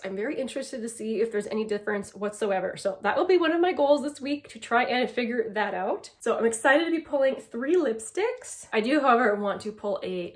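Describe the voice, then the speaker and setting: A woman beauty vlogger chatting casually to the camera, enthusiastic and quick to laugh as she talks through her products. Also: a little high. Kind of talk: casual makeup chat to camera.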